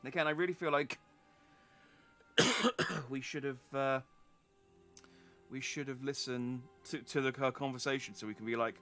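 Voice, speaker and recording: A man's voice: mid-range voice, fairly even intonation, measured pace, pauses often, sharp tone, faint music behind. Playful man streaming a game. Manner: playful, joking, laughs often. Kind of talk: let's play commentary.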